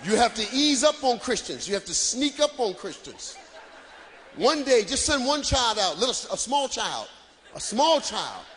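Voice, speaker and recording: High-voiced man doing loud stand-up. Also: unhurried. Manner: loud, animated, shouting punchlines to the crowd. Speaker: stand-up comedian. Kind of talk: live stand-up comedy. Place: stage before a live audience. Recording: live stage recording with crowd noise.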